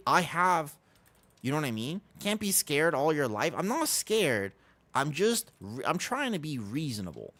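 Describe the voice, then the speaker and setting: A young man streaming a video game, chatting casually and rambling to his viewers, laughing often. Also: fairly high pitch. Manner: rambling, animated, laughs often, talks to chat. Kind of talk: casual livestream chat while gaming.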